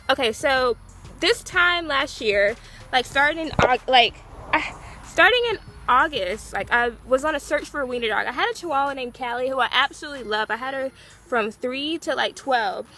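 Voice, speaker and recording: Young woman, high bouncy voice, bright tone, chatty and rambling, casual vlog. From Gulf Coast of Texas. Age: young adult. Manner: chatty and rambling, heavy use of "like"; excitable, bursts into loud squeals. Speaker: vlogger.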